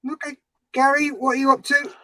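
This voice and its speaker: High-pitched guy hosting a build stream on a call, jokey and teasing, dry sound. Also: flat delivery, brisk, pushed and bright, dry recording, rough recording. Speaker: host of a model-building livestream. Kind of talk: casual banter on a group call.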